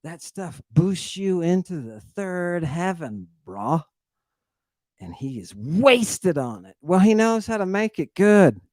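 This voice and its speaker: Slow-talking, theatrical male lecturer. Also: high-pitched, big pitch swings, a little mellow, dry recording. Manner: theatrical, slangy, repeats exclamations for emphasis. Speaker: host lecturing on ancient texts. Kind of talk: animated livestream lecture.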